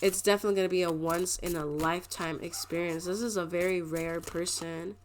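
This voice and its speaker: This woman's voice sits on the low side, with fairly even intonation and a fairly quick pace, over a little hiss or hum. She's a tarot reader doing a casual reading for viewers, rambling and emotional, laughing frequently and saying "like" constantly.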